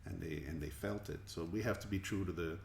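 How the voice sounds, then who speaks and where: A gravelly, darkish, low-pitched man's voice moves a little fast. He is a musician guest from Colombia who responds to interview questions with earnest thought, frequently repeating words while searching for them, recorded in an echoey space with faint ambient noise.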